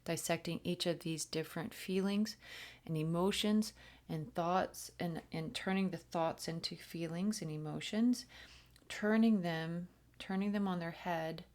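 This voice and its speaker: A woman giving a channeled spiritual reading, slipping between plain talk and a flowing chant of invented syllables, soft-spoken and often falling to a whisper, halting with many fillers. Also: on the low side, fairly even intonation.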